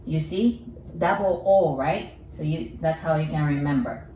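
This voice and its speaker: A Japanese-accented woman gives a cheerful, patient language lesson and slows right down to model each word. Her voice sits a little low. She sounds a bit distant from the mic, in a room with a noticeable echo. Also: dark tone, a little hiss or hum. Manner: upbeat, slow careful pronunciation drills.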